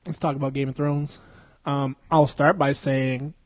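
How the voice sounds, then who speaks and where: A man's voice: mid-range voice, level tone, measured pace, no echo. Young male podcast host, profane and slangy, laughing, dry recording. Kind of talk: casual chat.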